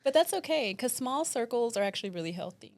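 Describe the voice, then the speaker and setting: A woman's voice: fairly high pitch, lively intonation, fast talker. Emotional, giggly woman. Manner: emotional, laughs often, lots of "like". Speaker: podcast co-host. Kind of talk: casual chat.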